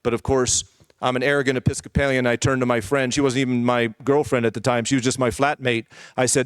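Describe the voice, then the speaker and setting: A man's voice: medium pitch, flat delivery, fast talker, clear, resonant tone, no echo, clean studio sound. A man preaching a sermon as a personal testimony, telling his story candidly and conversationally with asides to the congregation. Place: church.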